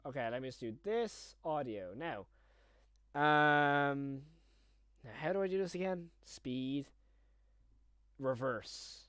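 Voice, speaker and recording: A young man talking his way through a live stream in a chatty, rambling manner, quickly getting excited. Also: fairly high pitch, smooth.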